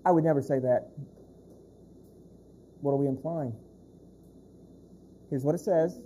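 A male pastor preaching a sermon. He speaks emphatically, repeats key phrases, slows down to stress points and puts questions to the congregation. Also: a little high, dark tone, a little hiss or hum.

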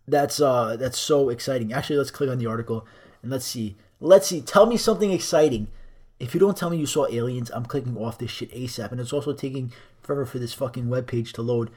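A man's voice: medium pitch, fast talker, warm tone. A young man hosting a solo podcast, reading articles aloud and ranting about them in a profane, sarcastic way. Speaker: podcast host.

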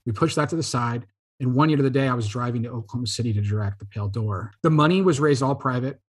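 A man, a podcast guest filmmaker, telling lively anecdotes in a casual interview. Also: mid-range voice, quick pace, husky.

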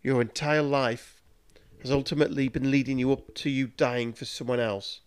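A man's voice: mid-range voice, fairly even intonation, normal speed, clean tone, lightly acted. Cruel scheming warlock master, gloating and menacing, read by a male narrator.

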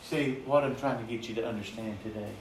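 A man delivers a sermon in a slow, emphatic, repetitive preaching cadence, piling up repeated phrases. His lowish voice echoes heavily through a church, and he sounds distant from the mic, with faint room hum behind.

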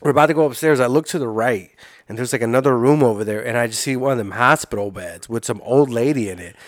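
Fast-talking crude storyteller man. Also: mid-range voice. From Illinois. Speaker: podcast guest storyteller. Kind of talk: casual chat.

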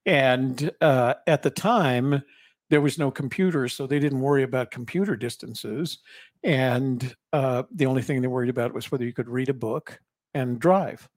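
A man's voice: mid-range voice, normal speed, no room sound, clean studio sound. An older man, a podcast co-host, telling rambling personal stories in casual conversation, with frequent restarts and fillers.

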